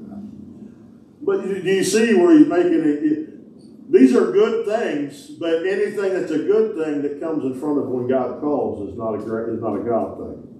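A man's voice: on the high side, unhurried, mellow, a little hiss or hum. Folksy preacher man in an echoey church. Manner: folksy, joking preacher with Southern-style grammar. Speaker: pastor. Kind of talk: sermon. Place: large church sanctuary. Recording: echoey hall, distant mic.

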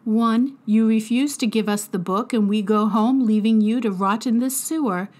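A woman's voice: fairly high pitch, moderate pace, darkish tone, close to an everyday voice. A woman voicing a cold, smug twelve-year-old boy mastermind with precise, condescending speech.

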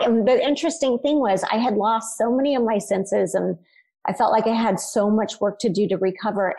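A middle-aged woman with a gravelly, fry-tinged voice recounts her story as a podcast guest. She speaks earnestly and with animation, laughing easily along the way. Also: mid-range voice, a little mellow, poor audio. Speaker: guest, spiritual medium.

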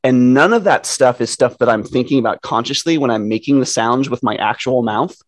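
A man's voice: medium pitch, a little fast, dry recording. Male co-host, rambling self-interrupting talker, dry close mic. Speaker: podcast co-host. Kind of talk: casual chat.

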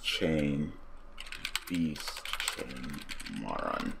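A man giving casual let's-play commentary, cursing freely and breaking into loud, excited outbursts and laughter. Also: a bass voice, extremely slow, gravelly, background noise. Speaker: gaming commentator.

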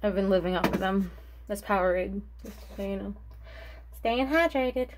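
A young woman talks her way through a makeup tutorial in a loose, rambling way. She loses her train of thought and sighs as she goes, and she is short of breath. Her pitch sits in the middle range for a woman. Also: moderate pace. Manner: rambling, forgetful, chatty with sighs. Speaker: beauty vlogger. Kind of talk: casual makeup tutorial chat.

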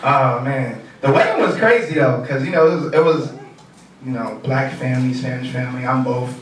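A man's voice: mid-range voice, normal speed. A young man doing a loose, profane stand-up set on a comedy club stage. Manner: loose, profane, animated storytelling. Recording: echoey club heard from a distance. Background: laughing crowd.

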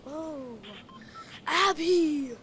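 A young woman narrates her own gameplay in a high, bright voice. She drags her words out slowly between excited gasps and shrieks. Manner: excitable, gasping and shrieking at the game. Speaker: gaming channel host. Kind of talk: casual game commentary.

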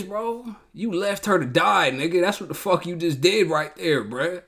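A man's voice: fairly high pitch, expressive, moderate pace, a bit bright. Profane, fired-up man reacting to a show. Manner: blunt, profane slang, repeats himself with rising outbursts. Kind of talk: casual reaction commentary.

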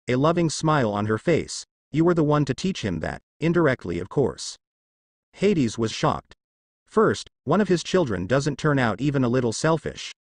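A man reading a fan fiction story aloud as narrator, with lively storytelling delivery. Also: medium pitch, dry recording.

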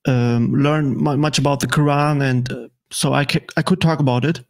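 A man with a German accent, a native German speaker, talking in English as an interview guest, halting with many fillers and restarts. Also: mid-range voice, fairly even intonation, creaky. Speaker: guest political commentator. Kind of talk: casual interview chat.

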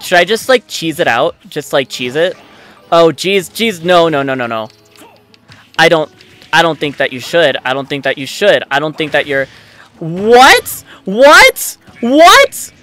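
A man giving live commentary on his own gameplay, excitable and frustrated, swearing often. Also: fairly high pitch, normal speed. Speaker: let's play gamer. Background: faint game music.

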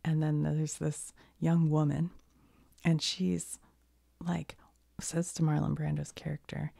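A woman with a cold chatting in a soft-spoken ASMR style, half-whispering and rambling, laughing often, close to the mic. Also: sits low, completely flat delivery, a little slow, creaky, long pauses, husky, no echo. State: has a cold. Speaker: ASMR creator.

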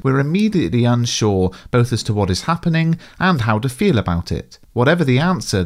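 A man who narrates a scripted literature lesson, explaining in a clear, measured way. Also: fairly low pitch. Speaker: teacher.

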